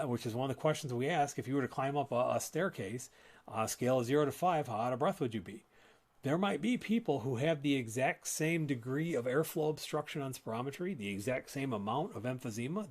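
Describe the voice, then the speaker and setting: A man's voice: medium pitch, a little mellow. A man who works as a respiratory therapist, hosting a live educational talk in a conversational, explanatory way with frequent restarts. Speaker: respiratory therapist and show host.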